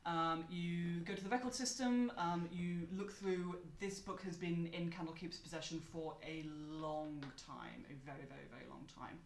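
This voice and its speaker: Give me a game master narrating a tabletop game in an easygoing way, now and then stopping to find a word. The voice sits at a middle pitch. The room gives it a clear echo, with faint hiss underneath. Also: normal speed, hardly any pauses. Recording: echoey room, faint noise.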